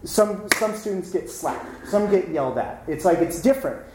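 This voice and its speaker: A lecturer giving a casual talk, telling stories in an animated way and often tossing in "right?" to the listeners. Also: medium pitch, moderate pace. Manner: animated storytelling, frequent "right?" asides. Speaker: lecturer on Buddhism. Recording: roomy room with faint noise.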